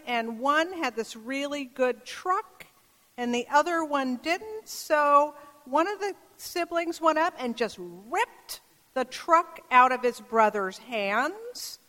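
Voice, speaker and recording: A woman preacher giving a sermon, telling a story in a gentle, measured way. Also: high voice. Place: church. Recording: long reverb of a church hall.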